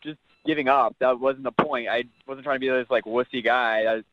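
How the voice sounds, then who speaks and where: A man's voice: mid-range voice, steady tone, brisk, dry recording. A man on the phone to a radio show, defensive and joking, trying to explain himself. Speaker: caller. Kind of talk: call-in radio argument. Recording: muffled phone line.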